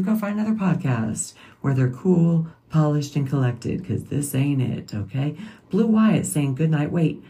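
A woman's voice: low voice, gravelly, warm tone. A woman, hosting a podcast as a rambling, self-correcting, emotional faith-based monologue. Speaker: podcast host.

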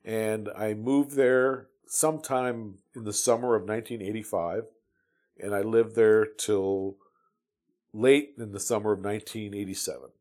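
A man's voice: lowish voice, steady tone, unhurried, darkish tone. A man in his fifties from the United States, telling his Navy stories in a casual, rambling way with many restarts and fillers. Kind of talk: casual storytelling.

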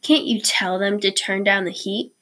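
A woman voicing an irritable booming man. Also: steady tone, normal speed, fairly bright tone, close to an everyday voice. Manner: complaining, irritable. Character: impatient pompous middle-aged man, booming.

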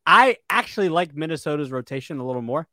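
A man's voice: on the high side, animated, fast, sharp tone, no echo, clean studio sound. A man co-hosting a casual sports podcast, rambling with fillers and restarts. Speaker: podcast co-host.

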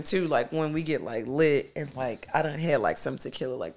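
A woman in her thirties hosts a casual solo podcast from home, speaking in a low, gravelly voice. She is loud and boisterous, candid and profane, and fills her speech with "like". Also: very animated, fairly quick, hardly any pauses. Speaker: podcast host. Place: at home at her dining room table.

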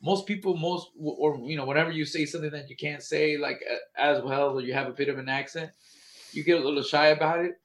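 A man co-hosting a casual sports podcast, talking in an animated way with frequent swearing, restarts and asides. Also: on the high side, quick pace. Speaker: podcast co-host.

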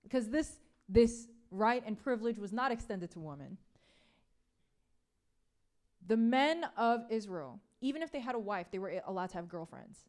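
A woman's voice: medium pitch, animated, brisk, hardly any pauses, darkish tone. A woman giving a casual, conversational sermon, full of "like" and "right?", repeating key phrases for emphasis. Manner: chatty, peppered with "like" and "right?". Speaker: preacher.

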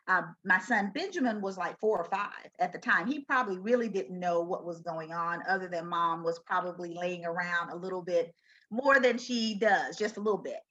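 A woman's voice: mid-range voice, fairly bright tone, dull audio. A middle-aged woman telling her story as an interview guest, earnest and conversational. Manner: earnest, storytelling, acts out quoted voices. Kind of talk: personal testimony interview.

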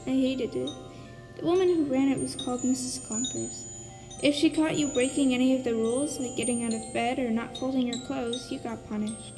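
A woman's voice: sits high, steady tone, fairly quick, warm tone, big-room sound, soft background music. A woman reading a storybook aloud and voicing a plucky, curious young orphan girl in an earnest, matter-of-fact way.

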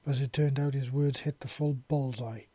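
A man's voice: medium pitch, steady tone, moderate pace, mellow, slightly rough, no echo. A man reading a romance story aloud, with small slips and restarts. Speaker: narrator. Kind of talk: amateur fiction reading.

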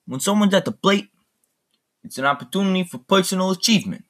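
A man putting on a menacing mob boss who muses slowly and theatrically. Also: sits high, animated, a bit bright, pitched above the performer's own voice. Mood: musing menace. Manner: raised, slow, theatrical delivery.

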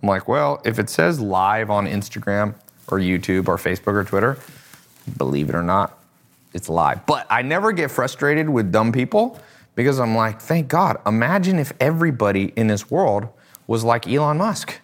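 Blunt, animated man on a livestream. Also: fairly low pitch, normal speed. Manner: blunt, animated, swears, laughs at own jokes. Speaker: livestream host, e-commerce coach. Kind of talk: casual livestream talk.

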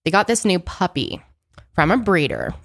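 A woman's voice: fairly low pitch, wildly swooping pitch, normal speed, creaky. A young woman co-hosting a podcast, chatty and recounting a story in casual conversation. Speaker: podcast co-host. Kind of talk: casual chat.

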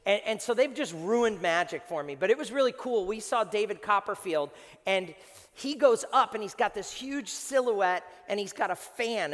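A male pastor preaching a sermon in an animated, storytelling way, with casual fillers. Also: sits high. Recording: long hall reverb.

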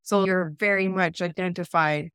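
Podcast co-host: young Canadian woman, smooth clear voice, dry close sound, loose rambling chat. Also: lowish voice, fairly even intonation, moderate pace, fairly bright tone, no echo. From Eastern Ontario, Canada. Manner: rambling, self-correcting, conversational. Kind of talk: casual podcast discussion.

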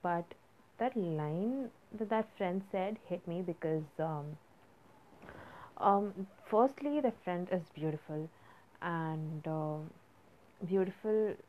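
A woman's voice: lowish voice, animated, takes it slowly, a little hiss or hum. A young woman hosting a casual solo podcast, rambling and hesitant, with many fillers and restarts. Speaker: podcast host. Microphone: phone app recording. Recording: phone-like lo-fi audio.

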